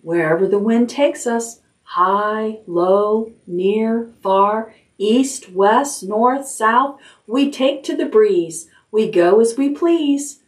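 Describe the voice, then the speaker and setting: A woman's voice: a little high, slow, few pauses. A woman voicing small, cheerful baby spiders in a storybook reading, in a light, matter-of-fact way. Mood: calm. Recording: voice a little distant from the mic.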